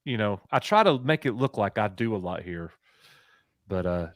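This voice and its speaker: A man's voice: lowish voice, lively intonation, normal speed, no room sound. Tired man hosting a casual stream. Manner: joking, thanks viewers for super chats. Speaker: co-host of a fan channel stream. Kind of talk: casual livestream chat. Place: home.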